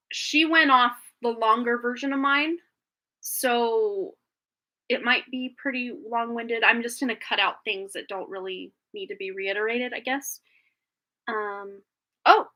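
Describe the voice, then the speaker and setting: A woman talks through a live tarot stream in a loose, rambling way, laughing often between thoughts. Her voice is bright and sits a little high, with a slight phlegmy catch left over from being sick. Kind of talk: casual live-stream chat.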